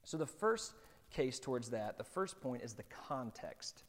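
A man preaching a sermon as pastor, in a relaxed, conversational way with lots of fillers. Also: mid-range voice, measured pace, in a large hall.

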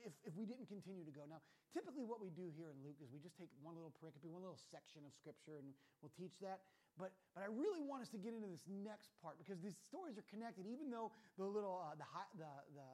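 A man preaching a sermon as a pastor, telling stories in an animated way that swings between quiet asides and loud, emphatic moments. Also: high voice.

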